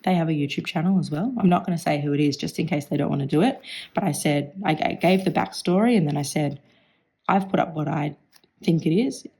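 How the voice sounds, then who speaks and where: A woman with a hoarse, partly lost voice, chatting casually through a stationery flip-through vlog, clearing her throat now and then. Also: sits low, fast, mellow. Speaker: stationery vlogger.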